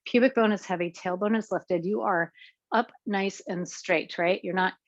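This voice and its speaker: A woman's voice: mid-range voice, moderate pace, dry recording, muffled recording. A woman leading an exercise class, talking students through each move and counting reps, a little out of breath as she works along. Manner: cueing moves while exercising, counting reps. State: slightly out of breath. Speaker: fitness instructor.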